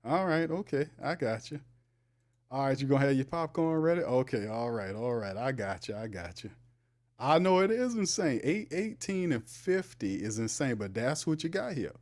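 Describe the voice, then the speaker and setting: A man's voice: mid-range voice, animated, normal speed, a little mellow. A man hosting a sports livestream, talking casually and animatedly, teasing his chat and laughing often. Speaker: sports show host.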